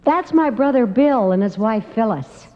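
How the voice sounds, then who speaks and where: A woman's voice: fairly high pitch, animated, normal speed, darkish tone. Woman introducing an old TV special. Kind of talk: scripted TV introduction. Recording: dull old TV audio with reverb.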